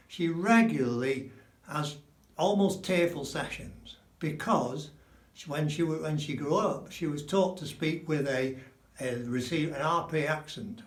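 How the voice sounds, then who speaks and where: A middle-aged man from England teaching Spanish pronunciation, slow and emphatic, repeating sounds to demonstrate them. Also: on the high side. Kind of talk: spoken language lesson. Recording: echoey room.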